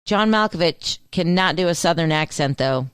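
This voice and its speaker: A woman's voice: fairly low pitch, animated, moderate pace, smooth, no echo, studio quality. A woman co-hosting a radio show, trading wry, teasing quips in casual banter.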